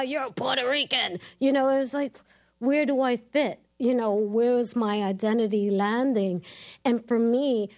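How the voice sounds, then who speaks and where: A middle-aged woman, telling stories in casual chat on a live show. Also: medium pitch. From New York City. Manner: animated storyteller, acts out quotes. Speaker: podcast host guest.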